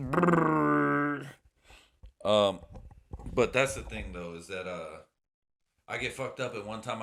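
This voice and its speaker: A man's voice: fairly low pitch, fairly bright tone, reverberant. A man hosting a casual solo podcast, rambling and joking with lots of profanity while he drinks whiskey. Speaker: podcast host.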